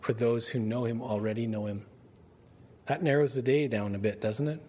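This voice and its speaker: A man preaches a Bible study casually, asking rhetorical questions and easing his pace to read passages of scripture aloud. He has a medium pitch, a steady and slightly mellow tone, and there is a little hiss or hum on the recording.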